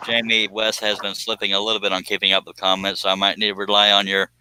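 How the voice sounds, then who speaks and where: Bright-voiced man hosting a livestream. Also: on the low side, completely flat delivery, quick pace, slight background noise, poor audio. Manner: folksy, joking, reads viewer comments aloud. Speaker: livestream host. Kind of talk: casual livestream chat reading comments.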